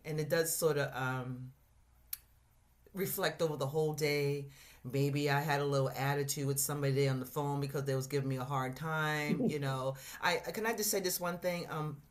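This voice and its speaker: A woman sharing a personal testimony in a church discussion, reflective and halting, with many fillers and restarts. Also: sits low. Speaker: congregation member sharing testimony.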